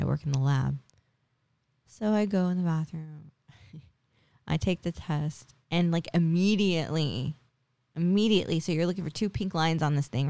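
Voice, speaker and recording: A woman's voice: low-pitched, vocal fry, mellow, no echo. A woman in her forties hosting a podcast, telling a personal story in a chatty, casual way full of tag questions and fillers. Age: 40s. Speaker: podcast host.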